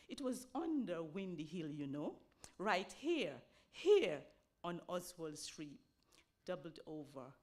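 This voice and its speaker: A woman giving a slow, solemn, expressive reading of a poem. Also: medium pitch. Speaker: poetry reader. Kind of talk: dramatic poetry reading.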